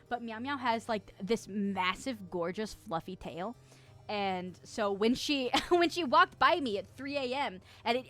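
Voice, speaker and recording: A woman in her twenties with a slightly high voice chats casually on a live stream, reading messages from chat aloud. She giggles often and gets excited.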